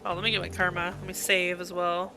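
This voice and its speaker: A woman's voice: on the low side, little pitch movement, fast talker, vocal fry, music in the background. A woman streaming a game live, reading its text aloud and reacting with gushing, emotional outbursts. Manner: gushing, emotional reactions between read passages.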